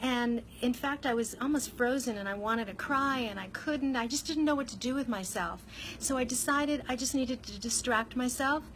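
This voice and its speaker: A woman with a fairly high voice tells a personal story straight to her viewers. Her delivery is candid and conversational, with an animated lilt as she recounts events. A faint hiss sits under the recording. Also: normal speed, poor audio. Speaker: vlogger.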